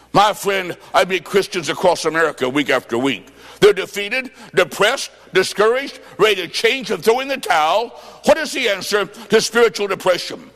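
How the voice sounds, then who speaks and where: A man preaching a revival sermon with folksy stories, impassioned and shouting at the peaks. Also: high-pitched. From Illinois. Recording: echoey hall with long reverb.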